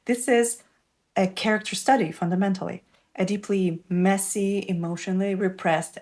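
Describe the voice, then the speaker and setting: A woman's voice: lowish voice, darkish tone. Woman reviewing a show. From Russia. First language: Russian. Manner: wry, candid and enthusiastic. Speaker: TV show reviewer and English teacher. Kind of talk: scripted video essay commentary.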